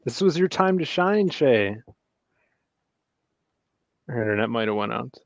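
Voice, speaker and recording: A relaxed man hosts a casual livestream and talks easily with his guests between plugs for his viewers. His voice comes through a dull, lo-fi mic. The sound is dry, with no room around it. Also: mid-range voice, measured pace, creaky, dry recording. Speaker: livestream host.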